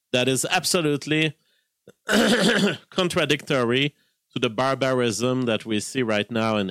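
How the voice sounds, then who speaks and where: A man's voice: medium pitch, fairly bright tone, clear, resonant tone, no echo, studio quality. A man commentating casually on a live stream, reacting to clips in a rambling, heated way and repeating his points.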